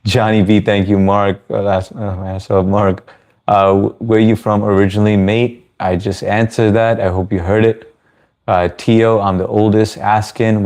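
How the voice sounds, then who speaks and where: A man's voice: fairly low pitch, a little mellow. A man in his thirties from the US, hosting a casual livestream Q&A, reading chat messages and rambling in a friendly way with many restarts. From United States. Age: 30s. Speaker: livestream host.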